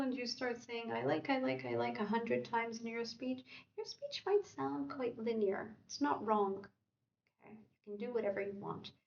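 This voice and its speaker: A woman teaching an English lesson on a livestream. She keeps checking in with "okay?" and "right?" and reads her example sentences with lively intonation. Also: sits high, vocal fry. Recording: roomy, distant and dull sound.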